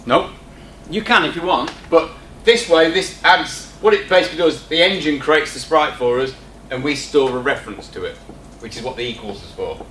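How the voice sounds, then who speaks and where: A man walks through a coding tutorial in a loose, chatty way and drops in joking asides to the class. His voice sits a little higher than most men's. The room is echoey, with a faint hum behind him. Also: moderate pace, fairly bright tone. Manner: chatty, informal, teasing asides. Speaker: teacher. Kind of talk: screen-recorded coding tutorial. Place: classroom with students present.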